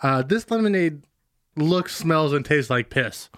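A man's voice: on the high side, expressive, measured pace, a bit bright, dry recording, studio quality. A man playing a blunt, insistent female customer in an improv comedy scene.

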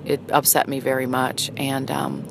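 A middle-aged woman telling a personal story in a halting, hesitant, earnest way. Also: rumbling low, vocal fry. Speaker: vlogger. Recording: noisy, with vehicle sounds behind.

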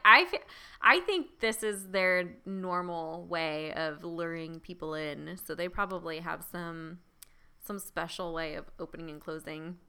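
Relaxed female co-host with a very bright, crisp voice, quick to laugh. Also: fairly low pitch. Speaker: podcast co-host. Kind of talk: casual book discussion chat.

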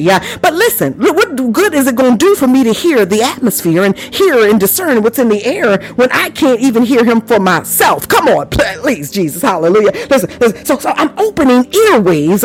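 A woman's voice: on the high side, very animated, fairly quick, few pauses. A woman preaching a charismatic sermon, exclaiming, laughing often and breaking into tongues.

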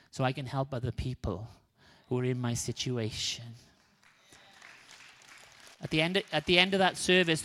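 A man preaching a sermon, telling a healing story and acting out the people in it. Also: fairly high pitch. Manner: animated, acts out the quoted people. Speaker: guest preacher.

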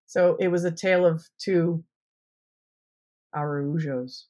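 A woman co-hosting a podcast in casual chat, a loud, excitable storyteller who swears freely. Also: lowish voice, takes it slowly. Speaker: podcast co-host.

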